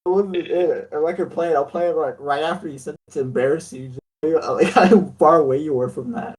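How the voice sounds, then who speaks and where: A man's voice: on the high side, fast talker, poor audio. A man co-hosting a casual podcast over a voice call, joking and sarcastic, laughing often.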